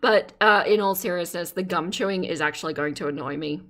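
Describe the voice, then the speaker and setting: This woman's voice is fairly low, fairly quick and fairly bright in tone. On her live reaction stream she chats casually about a video, laughing and giggling often, reading her chat aloud and teasing in a playful way.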